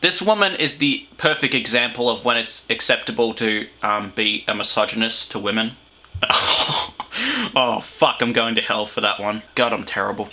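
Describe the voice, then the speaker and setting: A man's voice: medium pitch, normal speed, pushed and bright. A young man with an Australian accent, hosting a comedic video review and rambling crudely between jokes. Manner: crude, joking, rambling with fillers. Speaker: host.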